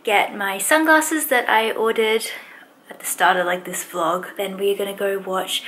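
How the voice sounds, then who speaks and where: A woman's voice: medium pitch, unhurried. A young woman chatting casually to the camera as a vlogger, bubbly and giggly, filming on a handheld phone outdoors. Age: young adult. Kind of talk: casual vlog chat. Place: outdoors at beaches and eateries. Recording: loud background noise outdoors.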